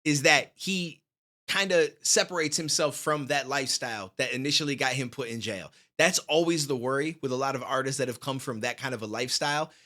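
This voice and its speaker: A man's voice: medium pitch, brisk, sharp tone. A man hosting a reaction video, chatting casually and with energy, full of slang, on a studio microphone. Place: home studio.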